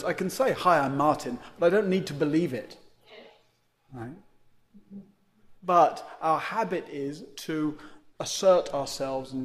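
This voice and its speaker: A man giving a meandering, reflective dharma talk as a meditation teacher, often checking in with "right?". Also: on the high side. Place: meditation center.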